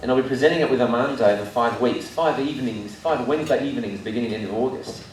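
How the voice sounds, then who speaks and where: A man's voice: medium pitch, quick pace. Man, middle-aged, host, chatty jokes and restarts, echoey function room, faint background noise. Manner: chatty, tells jokes with quoted voices, frequent restarts. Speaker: breakfast event host. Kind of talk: live presentation to a seated audience. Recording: distant echoey room mic.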